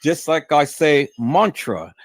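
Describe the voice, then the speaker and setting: A man hosting a live stream, talking in long repetitive runs that jump from low steady speech to loud emphatic shouting. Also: slow, dry recording. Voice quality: addresses audience as "peoples". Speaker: YouTube live stream host. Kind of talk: casual live stream monologue.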